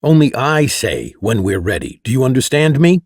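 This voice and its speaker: A man's voice: mid-range voice, very animated, moderate pace, a little mellow, slightly rough, no room sound, studio quality. A man reading the part of a domineering rock bandleader, in a sneering, commanding tone.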